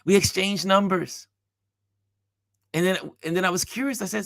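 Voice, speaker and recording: Gravelly-voiced man telling a lively story. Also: high voice, normal speed, pauses often, no echo, studio quality. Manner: animated storyteller acting out dialogue. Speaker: host. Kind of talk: motivational storytelling monologue.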